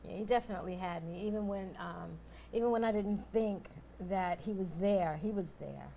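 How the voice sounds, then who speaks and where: Gravelly-voiced woman, earnest and halting. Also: mid-range voice, warm tone, slight background noise. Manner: emotional and grateful, with halting restarts. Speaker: guest. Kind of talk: earnest interview talk.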